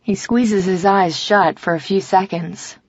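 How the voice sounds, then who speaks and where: A woman's voice: fairly even intonation, measured pace, dry recording, muffled recording. A woman narrating a first-person romance audiobook, voicing the dialogue herself. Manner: acts out dialogue, softer and lower for the male lover.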